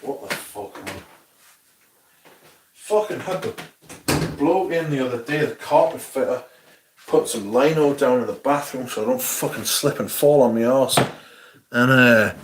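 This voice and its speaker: A man's voice: medium pitch, a little slow, long pauses, noisy background. A man hosting a casual livestream, swearing freely as he rants and answers viewer questions. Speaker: livestream host.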